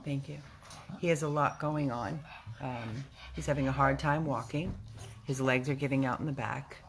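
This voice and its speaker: Woman rescue volunteer, very deep voice, emotional and halting delivery, casual video update. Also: fairly even intonation, noisy background. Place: rescue house, indoors.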